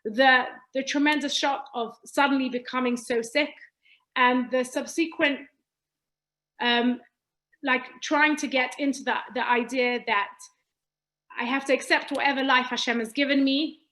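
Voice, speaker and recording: A woman's voice: sits high, steady tone, unhurried, pushed and bright, low-quality recording. A woman giving an earnest personal testimony talk, often restarting phrases and using Hebrew terms. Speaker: speaker sharing her story.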